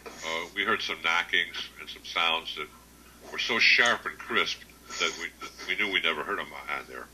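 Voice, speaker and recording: Very deep, bright-toned man in his sixties. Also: a little hiss or hum, low-quality recording. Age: 60s. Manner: unhurried, plainspoken anecdotes. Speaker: guest author. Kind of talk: casual interview storytelling.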